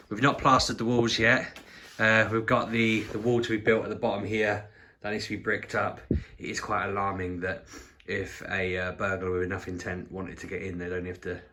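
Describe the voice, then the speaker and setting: A man, chatting excitedly and rambling through a casual vlog. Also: fairly low pitch, a little hiss or hum. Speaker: vlogger.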